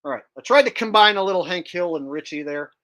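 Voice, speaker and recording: A man hosting a casual livestream, chatting with viewers in a deadpan, mock-bragging, joking manner. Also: sits high, fast. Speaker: livestream host.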